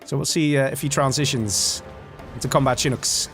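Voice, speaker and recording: A man casting a live strategy game, excitable and chatty, joking with his chat. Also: medium pitch, normal speed, soft background music. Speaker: game caster.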